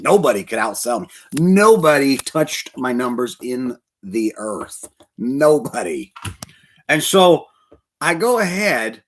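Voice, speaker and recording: A male pastor telling a personal story in a sermon, acting out the people in it. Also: mid-range voice. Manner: animated storyteller, quoting others.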